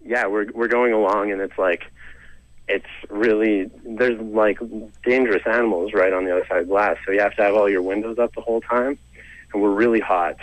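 A man's voice: lowish voice, fairly even intonation, brisk, no room sound, low-quality recording. A young Canadian man, a comedian and storyteller, telling a self-deprecating story in a casual, rambling way with lots of "like" and "you know".

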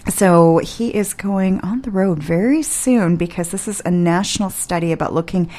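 A woman's voice: lowish voice, normal speed, mellow. A woman hosting a radio interview in a studio, bubbly and giggly with plenty of enthusiasm. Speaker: radio host.

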